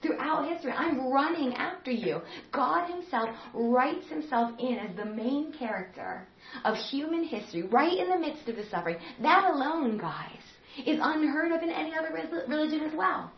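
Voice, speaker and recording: A woman preaching a sermon with passion, swinging from loud emphatic lines to hushed, near-whispered ones. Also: high voice, lively intonation, moderate pace. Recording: slightly dull sound with faint background noise.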